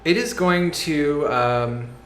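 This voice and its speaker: Slow, hesitant game master man. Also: on the high side, expressive, echoey room, faint music behind. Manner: slow, hesitant, lots of ums. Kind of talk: running a tabletop game.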